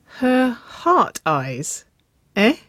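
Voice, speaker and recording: A woman's voice: low voice, wildly swooping pitch, a little fast, dark tone, breathy edge, heavily acted. A woman reading a story aloud and voicing an amused, wry middle-aged aunt with a drawling delivery.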